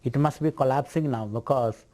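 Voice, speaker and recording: A man's voice: medium pitch, moderate pace, a little mellow, close to an everyday voice. A man voicing a boastful male house lizard in a teaching story, speaking smugly. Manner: smug, self-important.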